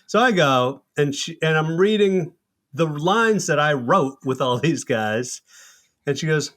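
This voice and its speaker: A man and comedy filmmaker telling stories in a loose, animated podcast chat, swearing freely. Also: fairly high pitch, unhurried. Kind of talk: casual podcast conversation.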